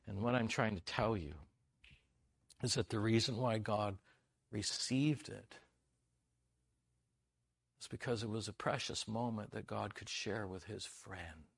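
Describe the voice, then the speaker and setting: A middle-aged man preaching a sermon, telling a family story and acting out its voices with lively energy. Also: lowish voice, vocal fry. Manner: animated, acts out the story in funny voices.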